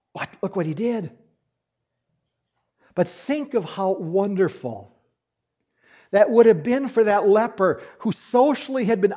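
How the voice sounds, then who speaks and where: A man preaching a sermon as pastor. He speaks earnestly, swings between loud emphasis and hushed tones, and often repeats a word as he restarts. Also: very high-pitched. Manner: restarts with doubled words. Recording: dull lo-fi recording.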